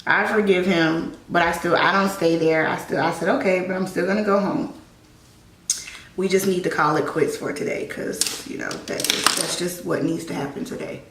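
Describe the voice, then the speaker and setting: A woman's voice: fairly low pitch, steady tone, normal speed, a bit bright. A young woman telling a personal story in a casual, chatty way, often saying "like" and "you know". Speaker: vlogger. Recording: roomy echo, distant mic, faint noise.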